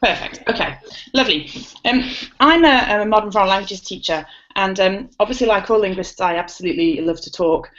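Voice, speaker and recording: A woman's voice: medium pitch, animated, brisk, a bit bright. A woman, a language teacher, introducing herself and presenting on an online webinar. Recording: lo-fi online call audio.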